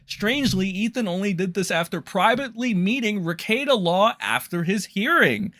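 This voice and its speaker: A man's voice: high-pitched, sing-song, moderate pace, fairly bright tone, no echo. A man ranting in a casual commentary, profane, scornful and rambling.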